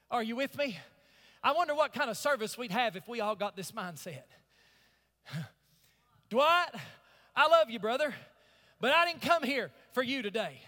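High bright-voiced preacher in a hall. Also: male voice, animated, normal speed, long pauses. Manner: preacherly, swings from hushed to shouting. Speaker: pastor. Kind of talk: sermon. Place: church sanctuary. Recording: church hall reverb.

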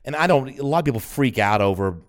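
A man's voice: medium pitch, lively intonation, quick pace. A man co-hosting a podcast, telling long rambling stories with lots of swearing, and laughing at himself. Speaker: podcast co-host. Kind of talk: casual chat.

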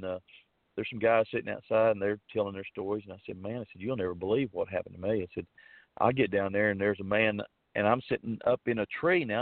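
Low-voiced Southern man telling a folksy story. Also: no room sound. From Arkansas. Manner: rambling, folksy, many fillers and restarts. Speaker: storyteller guest. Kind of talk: casual spoken storytelling. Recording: dry, phone-like narrow sound.

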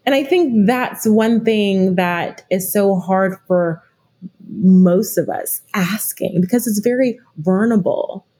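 A woman's voice: medium pitch, slow, dark tone, slightly rough. A middle-aged woman speaking as a guest expert in a podcast interview, reflective and often restarting her sentences. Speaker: guest expert, leadership consultant.

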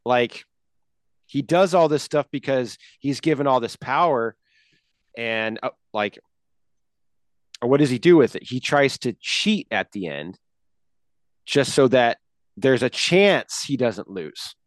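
A man's voice: mid-range voice, lively intonation, slow pace, long pauses, dry recording. Thoughtful man with a dry sound. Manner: thoughtful, explaining his view. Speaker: podcast guest. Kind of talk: casual movie discussion.

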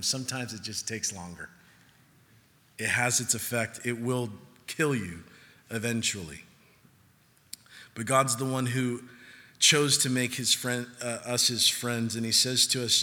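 Male pastor, sermon, urgent and emphatic, very bright tone, long hall reverb. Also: mid-range voice, a little slow. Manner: emphatic, rising to urgent peaks, then hushed storytelling.

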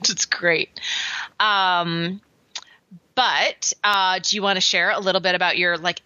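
A woman's voice: medium pitch, sharp tone, no echo, muffled recording. A woman in her thirties co-hosting a podcast, upbeat and chatty, with lots of fillers. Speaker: podcast co-host. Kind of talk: casual podcast chat.

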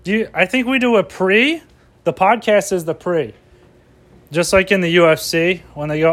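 A man ranting as a comedian, excitable and profane as he riffs. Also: sits high, normal speed.

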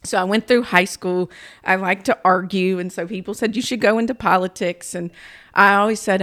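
A woman's voice: mid-range voice, a little fast. A woman in her forties with a North Carolina country accent, a political consultant telling stories in a casual interview. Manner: chatty, storytelling, animated asides.

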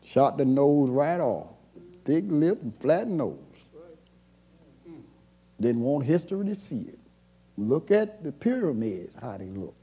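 A man preaching a sermon as pastor, moving between hushed passages and shouted calls. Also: medium pitch, very animated, takes it slowly, pauses often, slightly rough. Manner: call-and-response preaching, swings from soft to shouting.

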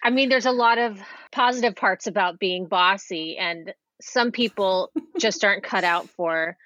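A woman's voice: medium pitch, a little slow, a bit bright, dry recording. Chatty woman on a dull, dry line. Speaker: makeup designer and producer. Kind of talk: casual reminiscing.

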